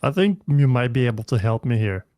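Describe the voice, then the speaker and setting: A man's voice: medium pitch, animated, fairly quick, darkish tone, dry recording. A man playing a tabletop game, talking casually and a little hesitantly in character, recorded close and dry.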